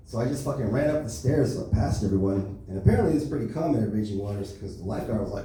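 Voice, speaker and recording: Young male stand-up comic, deep and mellow, deadpan; club recording, roomy and far off. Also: fast talker, few pauses. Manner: deadpan one-liners with lots of filler words. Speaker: stand-up comic at an open mic. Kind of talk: stand-up comedy set. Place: comedy club stage. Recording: echoey club, distant mic, faint noise.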